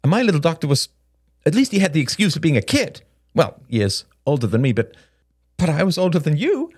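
A man's voice: a little high, sing-song, darkish tone, slightly rough, no room sound, clean studio sound. A man voicing a jittery, sardonic young woman. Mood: pleading. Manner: rapid, restless, sardonic rambling. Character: jittery, brash young woman with a sharp tongue. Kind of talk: audiobook character reading.

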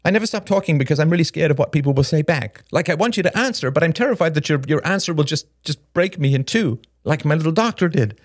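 A man's voice: fairly high pitch, expressive, no echo, clean studio sound. A man voicing a jittery, sardonic young woman. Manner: rapid, restless, sardonic rambling. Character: jittery, brash young woman with a sharp tongue. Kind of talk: audiobook character reading.

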